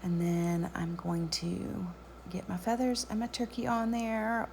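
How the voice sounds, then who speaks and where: A woman narrating a craft tutorial voice-over in a relaxed, chatty way with frequent ums. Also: medium pitch, measured pace, vocal fry, a little hiss or hum.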